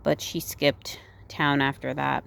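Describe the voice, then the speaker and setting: Low-voiced woman rambling through a movie recap. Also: level tone, slow pace, creaky, fairly bright tone. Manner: rambling, full of "like", "you know" and "right?". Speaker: movie reviewer.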